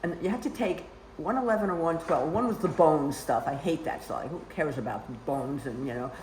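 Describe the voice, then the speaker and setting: Older woman, lowish voice, chatty rambling storyteller, roomy echoey sound. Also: brisk, a little mellow, slight background noise. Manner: rambling, full of "you know" asides. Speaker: storyteller guest. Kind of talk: casual storytelling. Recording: roomy echo.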